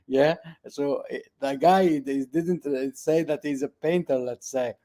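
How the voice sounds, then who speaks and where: Higher-voiced man, halting casual chat. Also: mellow. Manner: halting, searching for words, laughs while telling. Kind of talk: casual chat about films.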